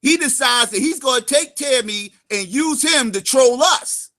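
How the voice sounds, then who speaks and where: A man hosting his own channel, ranting heatedly and profanely in a vlog and often shouting. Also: very high voice, expressive, a little slow, faint music behind. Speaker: channel host.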